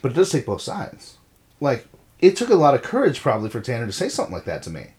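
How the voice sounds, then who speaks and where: A man's voice: medium pitch, huge pitch swings, fast talker, darkish tone. A middle-aged man co-hosting a casual talk show, blunt and swearing freely as he tells stories about raising his kids. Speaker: podcast co-host. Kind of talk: casual chat.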